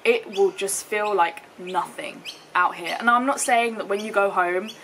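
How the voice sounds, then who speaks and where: A young British woman vlogging about her travels in a chatty, upbeat way, with plenty of filler words. Her voice sits at an ordinary middle pitch for a woman. A faint hiss of background noise runs under her voice. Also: normal speed, fairly bright tone. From United Kingdom. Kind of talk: casual chat to camera. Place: outdoors in the sun, later indoors.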